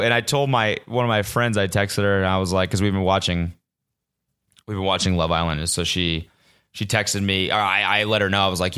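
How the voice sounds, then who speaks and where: A man's voice: fast talker, smooth. A young man hosting his own podcast, ranting casually with lots of swearing and indignant outbursts. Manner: animated, swearing, voice jumping high when indignant. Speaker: podcast host. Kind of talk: casual solo podcast rant.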